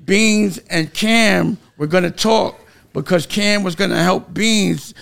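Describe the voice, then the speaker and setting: A man's voice: sits high, takes it slowly, gravelly, fairly bright tone. A middle-aged man in a heated casual conversation, emphatic and argumentative, laughing as he tells stories. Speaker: record label executive guest.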